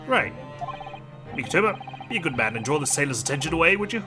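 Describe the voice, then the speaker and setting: A man's voice: fairly high pitch, sing-song, quick pace. A man voicing a pompous, eccentric male detective, over game music. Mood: scheming. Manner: grandiose, theatrical.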